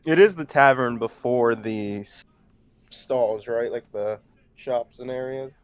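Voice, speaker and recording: Slow laid-back man on lo-fi mic. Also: medium pitch, smooth, no echo. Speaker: player.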